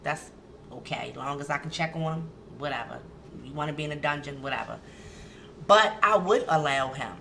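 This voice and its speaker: A woman's voice: sits low, a little fast, creaky, noisy background. A woman with a Baltimore accent, co-hosting a casual radio talk show and repeating key phrases for emphasis.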